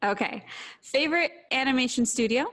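Woman, podcast host, slightly high voice, brisk quiz questions, laughs often. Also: fairly bright tone. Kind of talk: casual interview.

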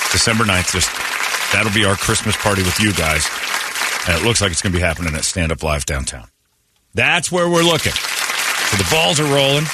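A man's voice: on the low side, heavy background noise. A man hosting a morning radio show, rambling through announcements and teasing his co-host. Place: radio studio.

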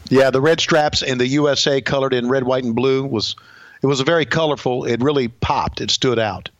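A man's voice: medium pitch, moderate pace, dry recording, dull audio. A man co-hosting a casual wrestling podcast, laid-back and wry, laughing along with his partner. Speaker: podcast co-host.

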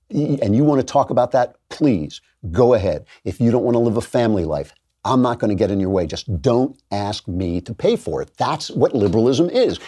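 A man hosting a commentary show, delivering an emphatic monologue with mocking asides. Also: mid-range voice. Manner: emphatic, animated, with mocking put-on voices.

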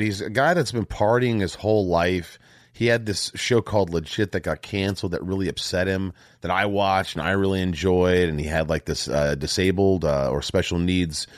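A man's voice: low-pitched, no room sound, clean studio sound. A man hosting a podcast, chatting casually and rambling with many restarts and jokes. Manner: rambling, restarts a lot, jokey. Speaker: podcast host. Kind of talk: casual chat.

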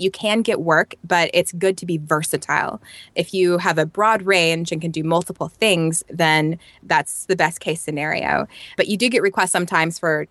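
Relaxed Midwestern woman voice-over artist. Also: lowish voice, no echo. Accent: Midwestern American. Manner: relaxed, explanatory, chatty. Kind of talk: casual interview talk.

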